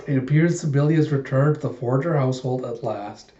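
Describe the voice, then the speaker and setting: A man's voice: medium pitch, fairly quick, warm tone. A man casually recapping a manga chapter in a chatty way, retelling scenes line by line, recorded in an echoey room with dull sound. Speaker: manga reviewer.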